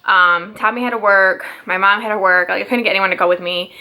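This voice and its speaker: A young woman talks straight to her viewers in a casual storytime vlog. Her voice is bright and clear, and she chats freely, filling her sentences with "like" and slipping into quick quoted exchanges as she retells the conversations. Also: medium pitch, fairly even intonation. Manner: chatty, lots of "like", quotes others in her own voice. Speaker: mom vlogger.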